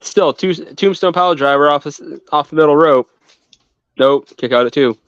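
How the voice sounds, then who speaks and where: Excitable, profane man with a smooth voice. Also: a little high, moderate pace, no echo. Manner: excitable, swears freely. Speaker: podcast co-host. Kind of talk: casual wrestling chat. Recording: dull lo-fi podcast audio.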